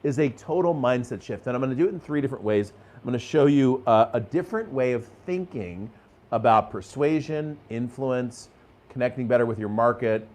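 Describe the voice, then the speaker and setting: A man's voice: mid-range voice, a little mellow. A middle-aged man hosting a live sales training show. He talks to viewers with energy and emphasis, chuckles often and restarts his phrases. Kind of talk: live motivational sales talk to viewers in chat.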